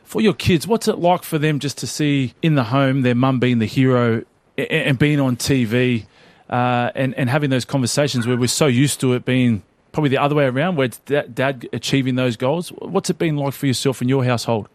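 A man's voice: medium pitch, brisk. A male host with a mid-range voice asks long, winding questions full of asides. His voice sounds dry and close, with no reverb. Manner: rambling multi-part questions. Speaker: podcast host. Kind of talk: casual interview.

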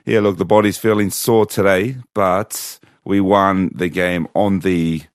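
Male co-host, very low voice, relaxed, dry sound. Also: unhurried, dry recording. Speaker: podcast co-host. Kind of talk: casual sports chat.

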